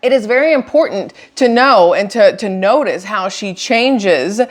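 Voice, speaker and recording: Brief: woman vlogger, chatty political commentary, emphatic, mid-pitched voice. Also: expressive, unhurried. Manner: emphatic, repeats words for stress. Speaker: host.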